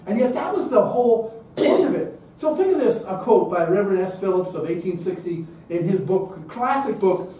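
A man lectures emphatically to a gathered audience and drives his points home with rhetorical questions. His voice sits high for a man but has a mellow, dark tone. He is picked up from a distance in a very echoey room. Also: animated, normal speed, hardly any pauses. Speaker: speaker at a public event. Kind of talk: lecture-style talk.

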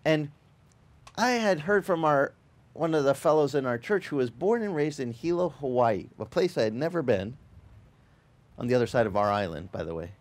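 Middle-aged male pastor, casual, animated storyteller, mid-pitched voice. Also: normal speed. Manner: animated and chatty, acts out other people's lines. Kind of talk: storytelling sermon.

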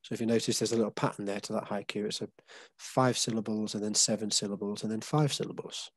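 A man's voice: lowish voice, steady tone, quick pace, dry recording. An English man leading a casual group session, explaining patiently with many fillers and restarts. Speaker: workshop leader.

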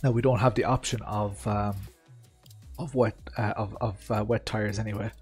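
A man's voice: on the low side, fairly even intonation, normal speed, a little mellow, husky, faint music behind. A man streaming a rally sim, chatting to his viewers in a loose, rambling way. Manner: chatty, rambling, full of fillers and asides to chat. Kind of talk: live-stream gameplay commentary.

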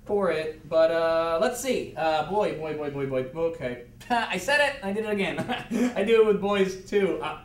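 In an echoey conference room on a video call, recorded from a distance, a man who is a quality control manager nervously rambles through an awkward, unprepared introduction, stammering and laughing. His voice is a little high and expressive, at normal speed with few pauses.

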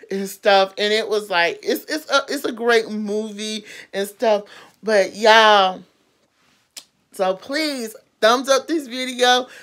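A woman vlogger giving a casual, rambling movie recap with lots of fillers. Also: a little high. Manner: rambling, animated retelling with many fillers.

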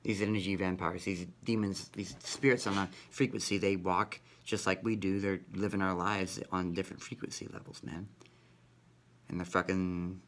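A man's voice: low voice, level tone, moderate pace, fairly bright tone, slight background noise. A man vlogging in a rambling, profane monologue, ending nearly every sentence with "man". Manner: rambling, repeats "man" constantly; profane, conspiratorial.

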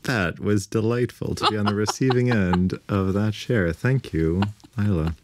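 A man on a late-night podcast chat, slow and encouraging, murmuring agreement often. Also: on the low side, a little hiss or hum. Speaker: podcast guest.

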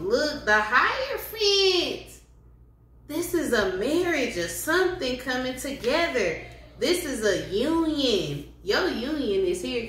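Slow-talking woman doing a tarot reading. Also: mid-range voice. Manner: slow, repetitive, affirming, speaks directly to viewers. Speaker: tarot reader. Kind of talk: casual tarot reading to camera. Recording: roomy home recording with faint hiss.

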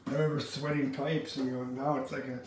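A man's voice: medium pitch, level tone, a little fast. A man from Wisconsin rambling through food and family stories as he cooks in his home kitchen, acting out voices as he goes. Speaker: home cook and vlogger. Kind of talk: rambling storytelling while cooking. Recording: very echoey room, mic far off, background noise.

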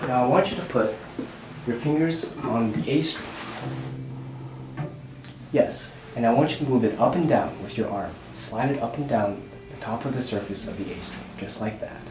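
A man acting as a music instructor, calmly guiding a beginner step by step. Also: mid-range voice, normal speed. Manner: calm, gently directive. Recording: roomy echo, distant mic, background hiss.

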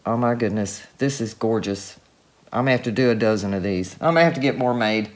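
A woman's voice: a bass voice, a little fast, a little mellow. A woman craft artist talking casually to her camera while she works, gushing and exclaiming with delight. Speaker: craft artist showing her paint pour. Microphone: camera mic, camera moved by hand at times.

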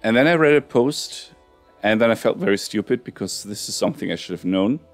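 Low, gravelly man chatting over a game. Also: lively intonation, fairly quick, dry recording, faint music behind. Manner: rambling, chatty, self-mocking. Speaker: let's play host. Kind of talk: casual gameplay commentary. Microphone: headset.

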